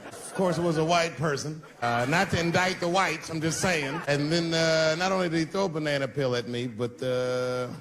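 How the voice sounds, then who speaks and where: A man performing stand-up comedy on a large theater stage, telling profane, animated stories and acting out quotes. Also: on the high side, normal speed. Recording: live theater recording with background noise.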